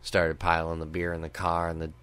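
A young man with a lowish voice tells his friends a story in a casual, swearing way. He talks fast when he gets going. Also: clear, resonant tone. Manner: animated anecdote-telling, profane. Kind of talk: casual chat among friends.

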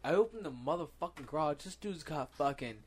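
A young man with a slightly high voice tells a rowdy party story on a podcast. He is animated and swears a lot, and he acts out each person's lines as he goes. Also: a little fast, husky. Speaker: podcast host. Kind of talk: casual chat.

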